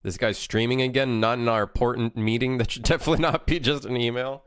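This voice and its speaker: A man's voice: medium pitch, fairly even intonation, fast talker, smooth, no echo, clean studio sound. A man streaming as a game developer, chatting casually, rambling and swearing freely. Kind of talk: casual live-stream chat.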